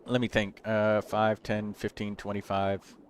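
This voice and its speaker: A man hosts a game livestream, looking over viewers' characters with chatty, casual commentary and reasoning aloud while he counts numbers. His voice is lowish with a completely flat delivery and a measured pace, and there's slight background noise.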